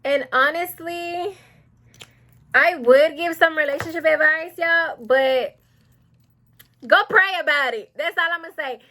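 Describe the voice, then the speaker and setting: Young woman yapping while she does her makeup, kinda high voice, keeps getting sidetracked. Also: unhurried, pauses often, pushed and bright. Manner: chatty, rambling, gets sidetracked. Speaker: beauty vlogger. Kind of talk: casual get-ready-with-me chat.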